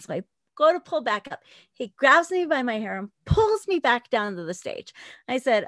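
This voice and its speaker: A woman in her forties telling a wild story in an interview, loud and animated, laughing often. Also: sits high, moderate pace, no echo, clean studio sound. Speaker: guest, former dancer with a podcast.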